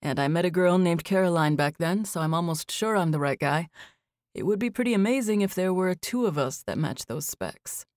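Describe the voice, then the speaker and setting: A woman narrator voicing a calm, gentle man around thirty in audiobook dialogue, speaking in an even, measured way. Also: fairly low pitch, no room sound, clean studio sound, natural voice.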